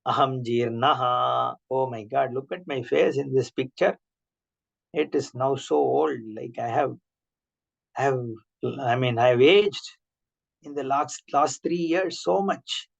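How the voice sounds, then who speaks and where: A man giving an online scripture class, explaining with rhetorical questions and everyday examples and chanting Sanskrit terms slowly. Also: medium pitch, creaky. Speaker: Vedanta teacher. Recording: dull lo-fi online class audio.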